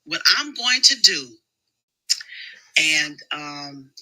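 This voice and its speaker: A woman who is a schoolteacher, chatting casually and telling animated stories. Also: sits low, drawn-out words, low-quality recording. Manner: animated, storytelling. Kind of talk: casual chat.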